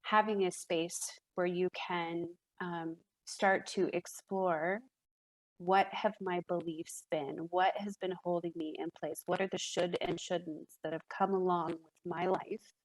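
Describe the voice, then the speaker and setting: A woman's voice: fairly low pitch, fairly even intonation, a little slow, poor audio. A woman speaking as a guest in a casual podcast conversation, reflective, with frequent fillers and restarts.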